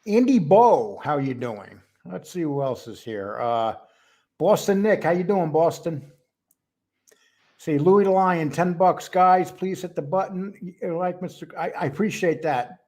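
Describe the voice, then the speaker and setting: A man's voice: on the high side, animated, unhurried, darkish tone. Chatty man hosting a live stream. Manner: chatty, greets viewers by name one after another. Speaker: host of a live stream show. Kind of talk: casual live-stream chat.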